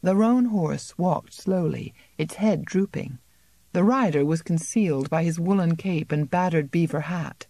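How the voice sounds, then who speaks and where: A woman narrating an unabridged novel as an audiobook in a measured, even storytelling manner. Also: fairly low pitch, dry recording. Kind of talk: scripted narration.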